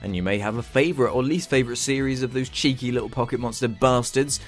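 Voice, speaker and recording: A man ranting with sarcastic, exasperated comic energy, swearing freely as he picks things apart. His voice sits at an everyday middle pitch, with faint music playing behind him. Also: fast. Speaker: comedy ranter, channel host. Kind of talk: sweary comedic rant.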